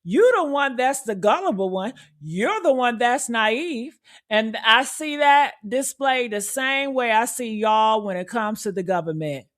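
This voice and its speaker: A woman hosting a casual commentary video, talking straight to her viewers in an outspoken, animated rant. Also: a little high, unhurried. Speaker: commentary host.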